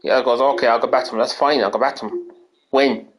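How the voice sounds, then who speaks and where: A man's voice: mid-range voice, steady tone, fast, low-quality recording. Rambling, foul-mouthed Irish man. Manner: rambling, swears a lot, restarts sentences. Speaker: gaming streamer. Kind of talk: casual ranting chat.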